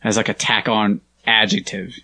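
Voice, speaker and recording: A man's voice: lowish voice, fairly even intonation, normal speed, bright, forceful tone, slightly rough, no room sound. A man as a podcast guest, hesitant and dry-humored in casual chat. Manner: dry, hesitant, goes on tangents. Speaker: podcast guest, aspiring pastor.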